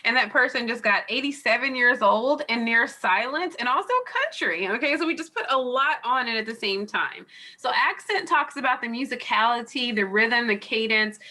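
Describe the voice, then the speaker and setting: A woman's voice: a little high, bright, forceful tone. A woman college instructor giving an online class review lecture, chatty and digressive with lots of fillers, heard through a computer mic on a video call. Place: home or office on a video call.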